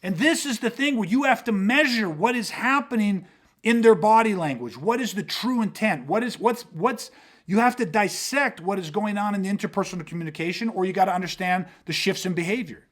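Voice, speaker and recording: Emphatic high-voiced male podcast host. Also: lively intonation, a little fast, a bit bright. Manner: emphatic, swearing, acts out quoted exchanges. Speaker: self-defense podcast host. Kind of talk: casual podcast talk. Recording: podcast mic.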